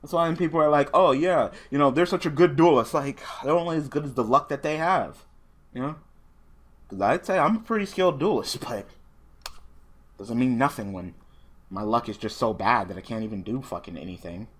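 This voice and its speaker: Brisk and a bit bright, this medium-pitched man runs a gaming channel and riffs casually on an online card duel, constantly swearing and flipping between quiet muttering and loud ranting.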